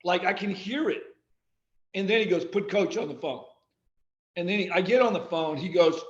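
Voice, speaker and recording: Brief: male podcast guest, high-ish voice, animated anecdotes, roomy and muffled recording. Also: moderate pace, pauses often. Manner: animated anecdotes, quoting others. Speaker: guest, athletic director and former coach. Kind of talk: storytelling in a casual podcast interview.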